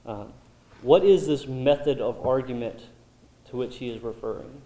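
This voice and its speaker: A man's voice: medium pitch, normal speed, dark tone. A man leading a Bible study group, thoughtful and full of ums and restarts. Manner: thoughtful, many um fillers and restarts. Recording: roomy echo.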